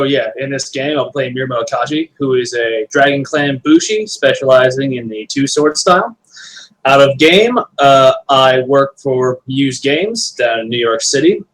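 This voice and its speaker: A man's voice: medium pitch, a bit bright, rough recording. A man with a mid-range voice introduces himself at the table. His manner is friendly and casual. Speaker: player.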